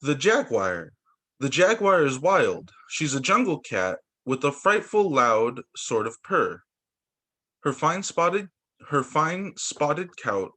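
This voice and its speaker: A male teacher reading picture books aloud to children over a video call, animated and expressive. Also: medium pitch.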